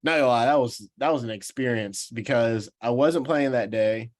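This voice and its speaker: A young man from Georgia in the US tells a story in an animated way in a relaxed interview. His voice sits at an ordinary middle pitch. He laughs between lines and often restarts his sentences. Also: normal speed. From Georgia, USA. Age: 20s. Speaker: professional baseball player guest.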